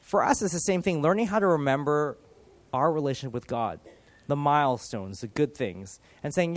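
Male pastor, 30s, earnest and animated, slightly high voice, dry close recording. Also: moderate pace, no echo. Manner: earnest, animated, with dramatic shifts in loudness. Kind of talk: sermon.

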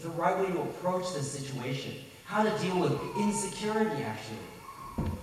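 A man's voice: a little high, expressive, normal speed, background noise. A man preaching a sermon, earnest and telling a personal story with self-correcting asides. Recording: echoey hall, voice from a distance.

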